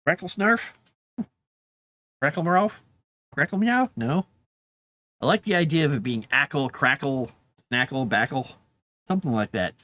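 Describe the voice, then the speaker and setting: A man writing live on stream, thinking out loud and talking gently to his dog. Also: mid-range voice, measured pace, long pauses, dry recording. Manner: talks softly to his dog between musings. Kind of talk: casual live-stream chat.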